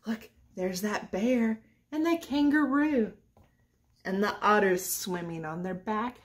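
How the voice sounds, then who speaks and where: A woman from a church reading a rhyming picture book aloud to children in a gentle sing-song voice, going soft near the end. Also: medium pitch, slow pace.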